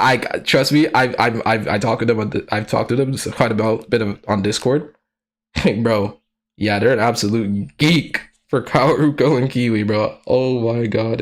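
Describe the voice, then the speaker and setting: A streamer giving casual live commentary, slangy and profane, who laughs often and breaks into excitable outbursts. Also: mid-range voice, normal speed.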